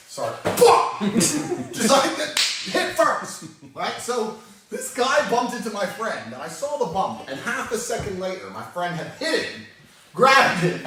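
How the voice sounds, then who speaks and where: A man spins a rowdy anecdote with a lively, swooping voice, laughing as he goes. He sounds set back from the mic in an echoey room, with faint ambience behind. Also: high-pitched, far from the mic. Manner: animated, laughing, swearing freely. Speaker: storyteller on a podcast. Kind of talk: casual storytelling.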